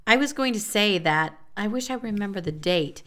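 A woman's voice: mid-range voice, expressive, moderate pace, a bit bright. A woman co-hosting a casual podcast chat, rambling and correcting herself as she goes. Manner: rambling, self-correcting, laughs often. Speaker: podcast co-host.

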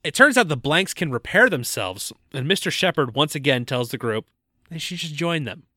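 A man's voice: on the high side, big pitch swings, moderate pace, pushed and bright, dry recording, clean studio sound. A man co-hosting a casual movie-review podcast, joking and recapping the plot with stumbles and laughs. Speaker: podcast co-host.

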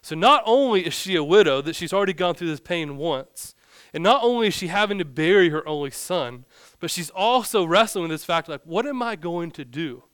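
A young man preaches a relaxed, humorous sermon, his voice smooth and resonant and a little high. The sound is dry and close, with no room echo around it. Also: brisk. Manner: casual, joking preaching with vivid storytelling. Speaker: pastor.

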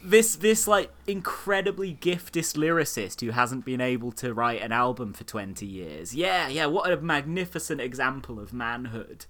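A man's voice: medium pitch, animated, moderate pace, hardly any pauses, a bit bright. A man hosting a casual comedy podcast, sarcastic and laughing often as he mocks what he reads. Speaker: podcast host. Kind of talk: casual comedic chat, reading posts aloud mockingly.

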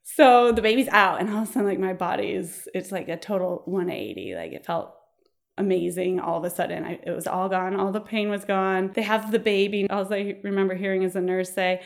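Woman, thirties, casual storyteller, animated delivery with laughs and quick voiced-out quotes. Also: medium pitch, gravelly. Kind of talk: personal birth story, casual telling.

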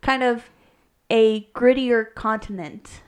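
A woman's voice: fairly high pitch, takes it slowly, smooth. Chatty woman rambling with many restarts. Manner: rambling, self-correcting, laughs often. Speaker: podcast co-host, game master. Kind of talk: casual chat.

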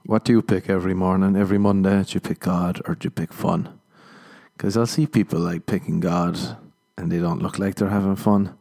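Irish male podcaster, lowish voice, loose self-mocking comic rambling. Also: steady tone, a little fast, creaky, dark tone. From Ireland. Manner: rambling, self-mocking storytelling with acted-out dialogue. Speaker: podcast host. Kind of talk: comedic solo podcast monologue.

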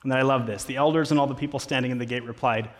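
A man's voice: mid-range voice, fairly even intonation, very fast. A man, a pastor, preaching a sermon in a casual, conversational way with playful asides. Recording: long reverb of a large hall.

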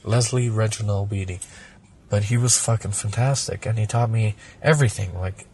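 A man's voice: fairly low pitch, normal speed, darkish tone, slight background noise. A man originally from Germany, talking casually as a podcast guest, rambling and swearing through a personal story.

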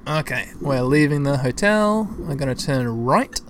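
A man's voice: mid-range voice, expressive, measured pace, slight background noise. A man giving casual gameplay commentary as a let's-play host, chatty and thinking aloud as he talks to his listeners.

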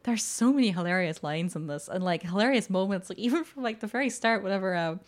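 Fast-talking and mid-range in pitch, a woman co-hosts a casual film podcast. She's animated, laughing often and using lots of fillers as she talks.

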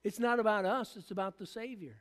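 A man delivers a sermon from the pulpit, his voice unusually high for a man. He acts out the people in the story as he preaches. A long church reverb trails behind every phrase. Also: fairly quick, fairly bright tone. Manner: preaching with acted-out voices of biblical figures. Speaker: pastor.

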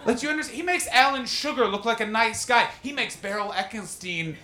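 A man's voice: very high-pitched, brisk. Brash stand-up comic man in an echoey room. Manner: animated storytelling, mocking crowd work with put-on voices. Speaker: stand-up comedian. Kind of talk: stand-up comedy set. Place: comedy venue with live audience. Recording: roomy live venue echo.

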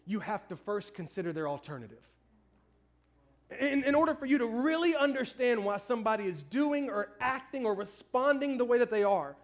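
High-voiced pastor in his thirties. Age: 30s. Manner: storytelling, animated, self-mocking. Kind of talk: sermon.

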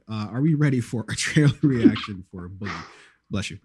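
A man hosts a podcast in loose, rambling film chat, with plenty of ums and the odd curse. His voice sits low. It sounds close and dry, with little room around it. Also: animated, fairly quick, a little mellow, slightly rough, no echo. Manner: rambling, full of ums, casual swearing. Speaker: podcast host.

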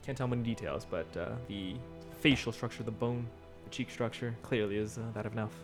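A man's voice: fairly low pitch, brisk. A man narrating a tabletop game as game master, casual and full of fillers. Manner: casual, hesitant with many fillers. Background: background music.

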